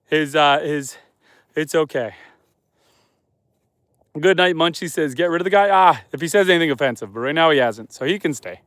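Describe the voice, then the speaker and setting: A homesteader from Canada chats on a livestream from his snowy yard after dark. He reads viewer comments aloud and answers them in an easy, relaxed way. His voice sits a little higher than most men's, and the sound is dry and close to the phone mic. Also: dry recording. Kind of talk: casual live stream chat. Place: outdoors at night on a snowy homestead.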